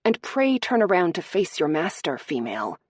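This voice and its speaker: A woman's voice: fairly low pitch, big pitch swings, moderate pace, darkish tone, husky, no echo. A woman voicing a brooding noble lord, commanding and also tender toward the woman he speaks to.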